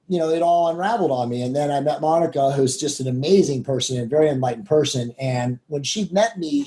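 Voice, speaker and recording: Mellow-voiced man telling his story. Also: mid-range voice, rough recording. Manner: rambling, heavy with "you know" fillers; candid and self-reflective. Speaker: guest entrepreneur and author. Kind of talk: casual interview storytelling.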